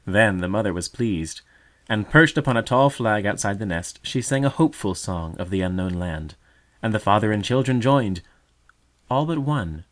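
A man narrating a storybook tale in a measured, gentle read. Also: on the low side, lively intonation.

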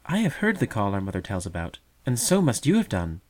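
A man voicing a gentle young sister bird in a storybook, soft and wistful, pitched well above his own voice. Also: huge pitch swings, a little fast.

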